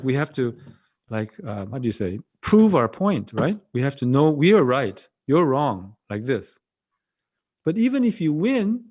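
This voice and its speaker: Over a video call, a Buddhist monk with a Korean accent and a voice on the high side shares a dharma talk, halting and gentle, repeating phrases again and again.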